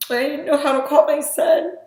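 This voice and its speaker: A woman's voice: high voice, fairly even intonation, normal speed, darkish tone, reverberant. A middle-aged woman giving a personal testimony, retelling events emotionally with quoted dialogue. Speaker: testimony speaker.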